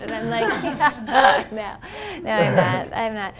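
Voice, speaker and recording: A woman guest on a comedy game show, telling a comic anecdote in an animated way and laughing between phrases. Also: a little high, moderate pace, a little hiss or hum. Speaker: celebrity guest.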